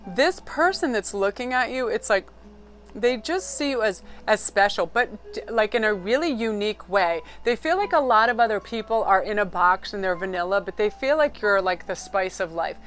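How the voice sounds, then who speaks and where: A middle-aged woman doing a casual tarot reading to camera, talking in an excitable, rambling, chatty way. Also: mid-range voice, moderate pace. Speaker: tarot card reader.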